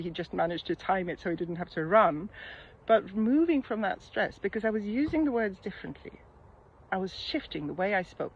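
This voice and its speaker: A middle-aged woman giving a casual coaching talk, reflective and pausing often with soft fillers. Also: medium pitch, slightly rough. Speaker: mindset coach. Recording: slightly muffled with faint background noise.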